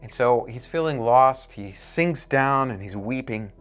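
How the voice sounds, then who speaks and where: A man's voice: medium pitch, expressive, unhurried, clean tone, soft background music. A man preaching, telling a moral parable in an earnest storytelling manner.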